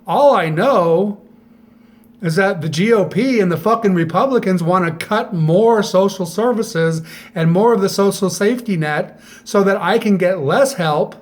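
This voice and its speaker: A middle-aged vlogger with a high voice speaks straight to camera. His monologue is bitter and profane, peppered with sharp rhetorical questions.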